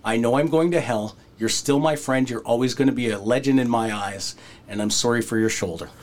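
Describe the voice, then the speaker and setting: Male podcast host, mid-pitch, casual storyteller who acts out the quotes. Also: fairly quick. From Canada. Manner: animated, acts out quoted voices, breaks into laughter.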